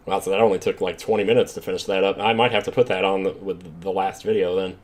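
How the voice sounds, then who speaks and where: A man hosting a game playthrough, joking and reading the dialogue aloud with sudden excited outbursts. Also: sits low, fast, hardly any pauses. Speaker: gaming channel host. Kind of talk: let's play commentary.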